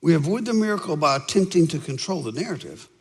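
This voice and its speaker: High, gravelly-voiced preacher in a hall. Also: male voice, fast talker. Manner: animated storytelling, acts out voices in quotes. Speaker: pastor. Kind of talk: sermon. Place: church sanctuary with audience.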